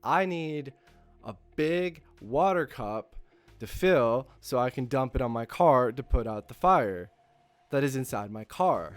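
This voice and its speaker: A man hosting his channel, telling a casual anecdote with constant swearing and lively acting out of his own lines. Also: medium pitch, measured pace, soft background music. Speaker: channel host.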